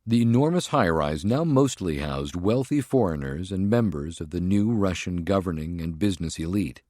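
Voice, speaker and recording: Low-voiced man narrating a thriller audiobook. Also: darkish tone, no echo, clean studio sound. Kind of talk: scripted narration.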